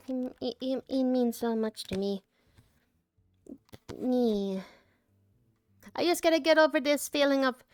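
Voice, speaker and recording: Choked-up woman with a high voice. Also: no echo, clean studio sound. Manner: halting, with many restarts and trailing phrases. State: choked up, holding back tears. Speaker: artist reflecting on a convention. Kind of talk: emotional personal reflection.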